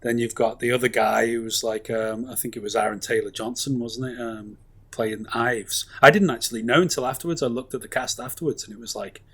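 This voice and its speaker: Husky, rambling man. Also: medium pitch, steady tone, a little fast, fairly bright tone. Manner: rambling, enthusiastic, many fillers and asides. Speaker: podcast co-host. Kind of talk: casual film review chat.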